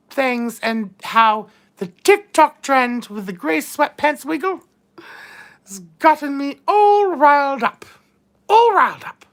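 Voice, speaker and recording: Brief: woman as a vain mature duchess, high-voiced, unhurried drawl, bawdy and grand. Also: gravelly, exaggerated voice. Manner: drawling, calls everyone darling, bawdy innuendo. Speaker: live-stream host in character. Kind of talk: live chat read-out in character.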